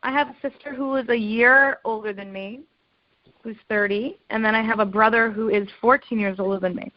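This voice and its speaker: A woman's voice: on the high side, steady tone, fairly quick, no room sound. A woman in her thirties, a comedian guest, chatting and telling stories in a casual interview. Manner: chatty, laughing storyteller. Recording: dull lo-fi dry podcast audio.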